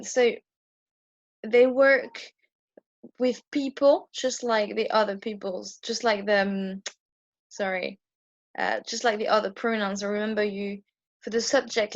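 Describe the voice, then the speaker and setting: A woman teaches French grammar in a casual, patient way, stopping often for ums and restarts as she works through her whiteboard. Her voice sits at a middle pitch and sounds close and dry, with a slightly muffled, dull tone to the recording. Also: no room sound. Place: indoor room with a whiteboard.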